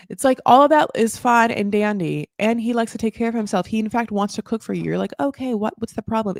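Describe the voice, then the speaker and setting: Gossipy woman with a gravelly voice. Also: on the low side, darkish tone, no echo, clean studio sound. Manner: gossipy, sarcastic, swears, lots of "like" fillers. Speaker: podcast host recapping a reality show. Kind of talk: casual chatty recap.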